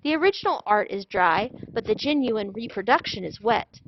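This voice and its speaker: A woman voicing a cheerful, literal-minded housekeeper in a children's storybook read-aloud, bright and matter-of-fact. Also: medium pitch, expressive, moderate pace, highs cut off, a little hiss or hum, lightly acted.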